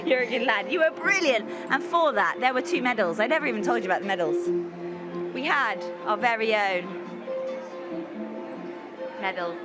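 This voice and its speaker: A woman's voice: fairly high pitch, animated, normal speed, pauses often, over loud music. A woman presenter interviewing people outdoors at a tennis venue and hosting a game, bubbly, cheering and encouraging.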